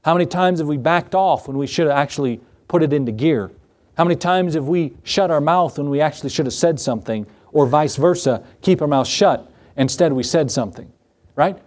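A man's voice: a little high, brisk, darkish tone. A male pastor preaching a sermon in a conversational way, with rhetorical questions and repeated phrases.

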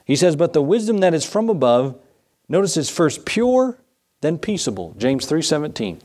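A man preaching a sermon, reading scripture in old-fashioned wording and asking the congregation rhetorical questions. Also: normal speed. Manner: animated, rising pitch when emphasizing.

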